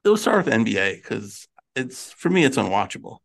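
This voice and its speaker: A man with a low, gravelly voice hosts a relaxed interview. He keeps his remarks short, mostly nodding along in words before asking his next question. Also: moderate pace. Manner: relaxed, brief affirmations. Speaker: podcast host. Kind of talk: casual interview chat.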